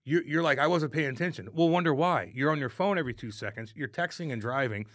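A man's voice: medium pitch, fast talker, fairly bright tone, no room sound, studio quality. A man co-hosting a podcast in casual banter, teasing his co-host and acting out what other people might say. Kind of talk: casual chat, ribbing banter.

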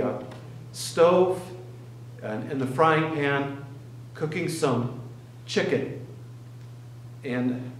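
A man preaching as a pastor, telling a story in an earnest way, with pauses and restarts. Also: on the high side, echoey room, slight background noise, low-quality recording. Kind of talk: sermon. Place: church sanctuary.

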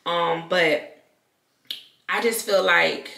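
A woman YouTuber talking candidly to her viewers, loud and expressive, in casual talk to camera. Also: on the low side, drawn-out words, creaky. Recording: echoey room.

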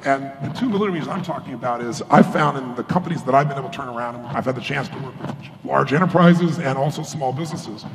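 A man's voice: medium pitch, quick pace, hardly any pauses, over music. Man telling stories on a stage, echoey hall. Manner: storytelling, acts out quoted voices. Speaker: motivational speaker. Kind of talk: live stage keynote talk. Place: large conference hall. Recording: echoey hall with faint ambience.

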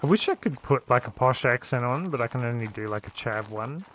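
A man's voice: mid-range voice, animated, fairly quick, a bit bright, poor audio. A man streaming a survival game, chatting casually and joking, often trailing off mid-sentence, with faint noise behind. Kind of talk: casual gaming chat.

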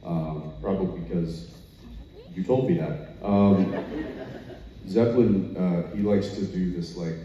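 A man's voice: deep voice, a little slow, pauses often, dark tone. A man on a convention panel chatting in a wry, joking way with hesitant restarts. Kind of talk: casual chat. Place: convention hall stage. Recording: echoey hall from far off, dull.

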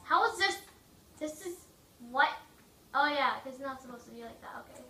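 A woman giving casual, rambling gameplay commentary, joking and mocking herself, her throat a little rough from coughing. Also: sits high, fairly even intonation, fairly quick, pushed and bright, recorded from a distance. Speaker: gaming video maker. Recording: echoey room, away from mic, faint noise.

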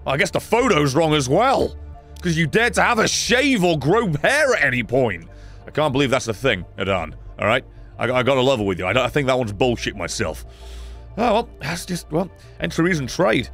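A young man giving sarcastic, swearing commentary while playing a game, with sudden loud outbursts. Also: mid-range voice, very animated, moderate pace, creaky, soft background music. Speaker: gaming YouTuber. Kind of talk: let's play commentary.

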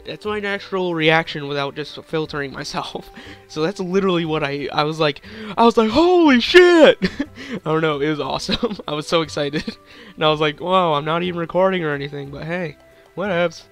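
Hyper giggly young man, high voice. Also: steady tone, brisk, fairly bright tone, soft background music. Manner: hyper, giggly, crude, rambling. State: sore throat. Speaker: gaming YouTuber. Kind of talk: hyper casual gameplay commentary.

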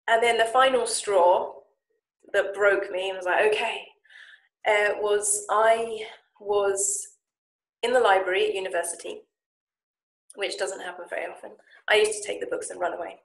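Brief: woman, coach telling stories, animated, echoing room, mid-pitched voice. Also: moderate pace, creaky, long pauses. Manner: lively, animated retelling with acted-out quotes. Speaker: Japanese speaking coach and founder. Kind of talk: casual storytelling talk. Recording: echoey room.

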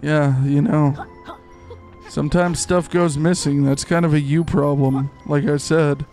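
A young man with a fairly high voice streams a game live, talking in a goofy, excitable ramble full of "like"s. Faint game music plays underneath his voice. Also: a little slow. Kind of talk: live gameplay commentary.

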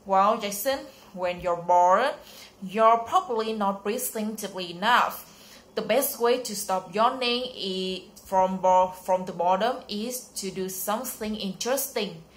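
A patient schoolteacher from a children's storybook, read aloud by a woman. She explains each point at a slow, measured pace, voice pitched in the middle of the range, with the odd small stumble of someone reading from the page. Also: close to an everyday voice. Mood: explaining. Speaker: teacher.

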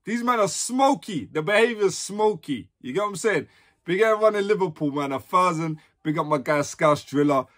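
A man's voice: sits high, lively intonation, normal speed, fairly bright tone. A man from London with a London accent, hosting a music reaction video with hyped, slangy commentary.

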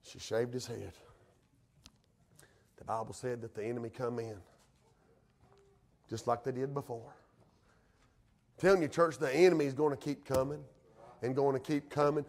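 A male pastor, preaching a folksy, country-spoken sermon that swings from hushed to shouted. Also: mid-range voice, fairly even intonation, a little slow, long pauses.

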